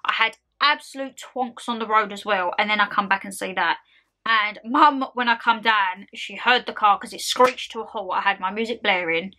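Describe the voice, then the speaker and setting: A young woman ranting to her vlog camera at home, animated and exasperated, full of slangy asides. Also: medium pitch, normal speed. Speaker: vlogger. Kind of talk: casual ranting chat to camera.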